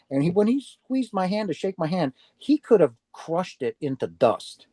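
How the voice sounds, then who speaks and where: A man with a mellow, warm voice tells his story as an interview guest, animating the back-and-forth and stumbling into quick restarts. The sound is close and dry, with no room around it. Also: high-pitched, dry recording. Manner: animated, acts out quoted dialogue with restarts. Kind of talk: casual storytelling.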